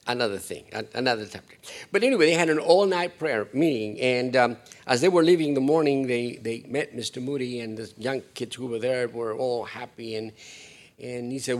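Male pastor, sermon delivery, animated with emphatic high peaks, playful asides to the congregation. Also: normal speed.

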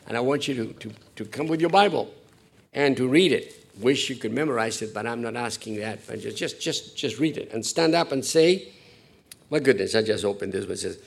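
A middle-aged man preaching a sermon in a church, conversational and warm to the congregation, often repeating words and dropping in short Spanish phrases. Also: mid-range voice, expressive, moderate pace, gravelly. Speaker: pastor.

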